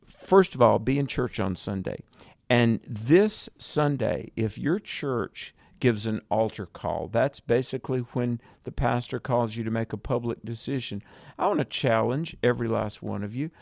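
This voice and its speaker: A man's voice: mid-range voice, expressive, gravelly, a little mellow, no room sound. Earnest man exhorting on radio. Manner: earnest, exhorting, slows for emphasis. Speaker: radio Bible teacher co-host. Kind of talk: radio Bible teaching.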